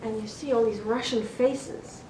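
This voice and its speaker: A woman interviewing, asking soft probing questions and sharing her own memories. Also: steady tone, measured pace, crowd noise. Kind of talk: conversational interview. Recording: roomy, noisy with low rumble.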